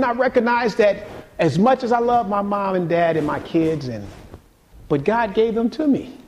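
A man preaching a sermon in a casual, conversational way, swinging between quiet passages and sudden emphatic peaks. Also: high-pitched, normal speed, a little hiss or hum. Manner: casual conversational delivery with repeated words. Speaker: pastor.

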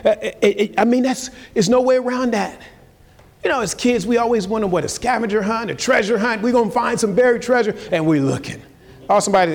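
Pastor guy preaching, high voice, big swings loud to soft, echoey church. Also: fairly quick. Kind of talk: sermon. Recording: hall reverb with faint ambience.

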